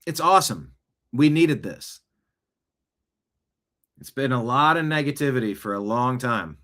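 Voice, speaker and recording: A man's voice: mid-range voice, expressive, measured pace, sharp tone. A man hosting a show, giving casual, rambling political commentary and reacting to clips, with conversational asides. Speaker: show host. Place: home studio, seated.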